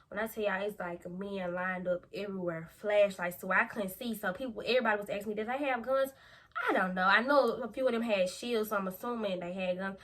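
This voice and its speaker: Young woman, storytime vlog, slangy animated telling, bright tone. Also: medium pitch, fairly quick. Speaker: vlogger.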